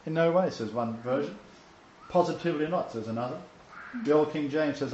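A man preaching informally to a small group, quoting scripture with emphatic, animated delivery and frequent restarts. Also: on the high side, brisk, a little hiss or hum. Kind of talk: informal home-group sermon. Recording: roomy, dull lo-fi room recording.

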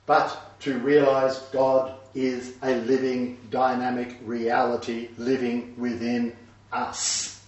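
A man's voice: medium pitch, monotone, slow pace. A man preaching a sermon to a small congregation, speaking emphatically and raising his voice when he quotes scripture. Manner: emphatic, builds to raised voice when quoting God. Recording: roomy echo, distant mic, dull sound.

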